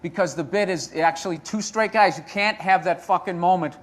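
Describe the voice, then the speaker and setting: High-voiced man, animated and profane. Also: moderate pace. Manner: animated, profane, with stammered restarts. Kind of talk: casual conversation.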